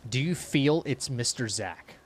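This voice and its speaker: A young man streaming a game who rambles through stories, laughs often, and mutters quietly to the game in between. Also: medium pitch, lively intonation, measured pace. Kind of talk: casual live-stream chat.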